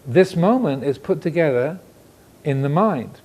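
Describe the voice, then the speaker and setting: A man, a Buddhist monk, giving a dharma talk indoors, reflective and pausing, asking questions as he goes. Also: on the high side, lively intonation, darkish tone. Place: indoor room with air conditioner. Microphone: filmed by cameras.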